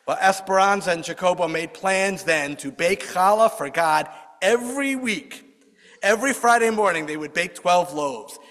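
A man telling a folk tale aloud, expressive, lifting his voice for the characters' lines. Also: high voice, normal speed. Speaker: storyteller. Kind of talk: oral storytelling. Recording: long hall reverb.

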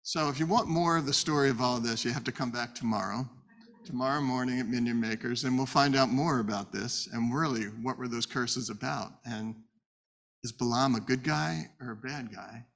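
Male Torah teacher, lively storyteller, rhetorical questions, casual lesson style, medium pitch. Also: moderate pace, gravelly. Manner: animated, conversational, rhetorical questions.

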